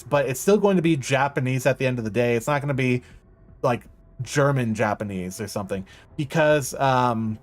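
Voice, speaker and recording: A male streamer talks casually over his game at an average pitch. He rambles, stops and restarts, and fills gaps with ums. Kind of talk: casual live-stream commentary.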